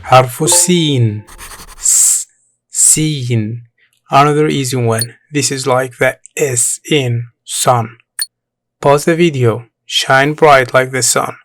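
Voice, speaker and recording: A man's voice: mid-range voice, fairly even intonation, fairly bright tone. A man teaching a beginner language lesson, repeating each word and praising the learner between drills. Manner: encouraging, repeats each word slowly for practice. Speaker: Arabic teacher.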